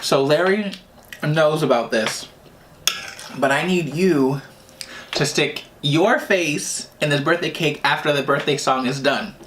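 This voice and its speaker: A man quoting a classmate's middle-aged mother, giving hushed instructions in his own everyday voice, only slightly lower. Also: measured pace, a little hiss or hum. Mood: conspiratorial.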